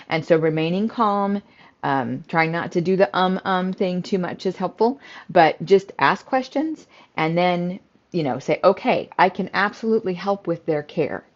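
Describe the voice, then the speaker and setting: A middle-aged woman who runs a home care business, teaching in a calm, conversational way with frequent fillers. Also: on the low side. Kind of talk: instructional talk to camera. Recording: slightly dull, lo-fi audio.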